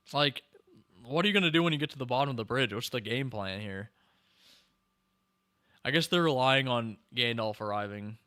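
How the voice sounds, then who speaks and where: Excitable young man reacting to a film. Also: medium pitch, normal speed, long pauses. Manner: excitable, exclaims and talks back to the screen. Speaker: podcast host. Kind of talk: casual movie reaction commentary.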